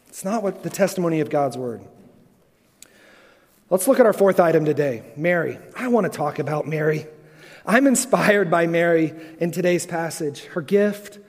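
A man preaching a sermon earnestly, asking the congregation rhetorical questions and pausing for effect. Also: on the high side, a little mellow. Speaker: pastor. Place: large auditorium. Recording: long hall reverb.

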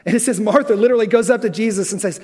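A man preaching a sermon earnestly, asking the congregation rhetorical questions and pausing for effect. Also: sits high, darkish tone. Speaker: pastor. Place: large auditorium. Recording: long hall reverb.

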